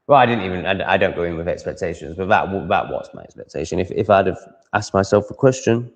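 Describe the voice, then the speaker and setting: A man's voice: low voice, animated, fast talker. Rambling Yorkshireman in a reverberant room. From Yorkshire, England. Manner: rambling, self-interrupting, chatty. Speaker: livestream host. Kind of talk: casual livestream monologue.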